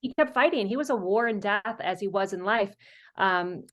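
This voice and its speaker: A middle-aged woman, a counselor, talking earnestly as a podcast guest in casual conversation, in quick expressive bursts. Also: mid-range voice.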